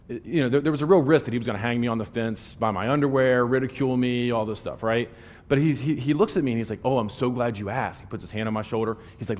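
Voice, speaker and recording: Man, 40s, from West Virginia; animated test-prep lecturer, mid-range voice, long reverb on the room. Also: medium pitch. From West Virginia, USA. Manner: animated storyteller, voices quotes. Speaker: test-taking coach. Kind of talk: lecture with anecdotes.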